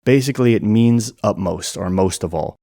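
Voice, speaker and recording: A man narrating an educational video and explaining things clearly and methodically. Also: fairly low pitch, normal speed, dark tone, no echo, studio quality. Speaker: language explainer.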